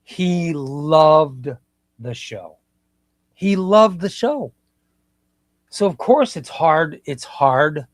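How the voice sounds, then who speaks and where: Slow-talking man hosting a live stream. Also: on the high side, lively intonation, no room sound. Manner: slow, reflective, repeats phrases. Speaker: livestream host. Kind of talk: casual live stream chat. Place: home room.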